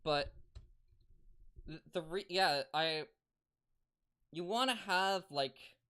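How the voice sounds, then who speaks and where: A streamer giving casual advice on a livestream, rambling and halting, with many restarts and fillers. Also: mid-range voice, bright, forceful tone, smooth.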